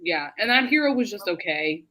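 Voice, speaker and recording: A woman co-hosting a casual book discussion, lively and quoting characters with laughter. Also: medium pitch, normal speed, low-quality recording. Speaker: book club co-host.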